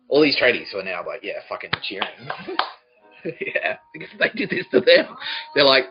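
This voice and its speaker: A man hosting a comedy podcast, rambling and swearing, often laughing, swinging between mumbles and shouts. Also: medium pitch, sing-song, normal speed. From Australia. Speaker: podcast host. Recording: dull lo-fi podcast audio with faint music.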